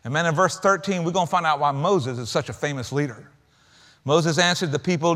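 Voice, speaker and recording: A man preaching a sermon in a conversational style, swinging from loud emphatic lines to quiet low asides and acting out quoted lines sarcastically. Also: lively intonation, a little fast. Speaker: pastor.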